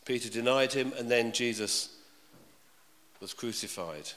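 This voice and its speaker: A man's voice: medium pitch, measured pace, fairly bright tone, a little hiss or hum. A man preaching a sermon in a chatty way, often asking his congregation questions. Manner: conversational, asks the congregation questions. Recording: reverberant hall.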